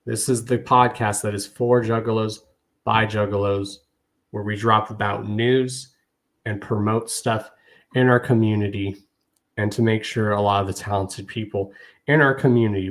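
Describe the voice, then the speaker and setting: Emotional low-voiced podcast host man. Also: steady tone, normal speed. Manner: earnest, emotional, repeats "y'all" often. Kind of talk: heartfelt podcast monologue.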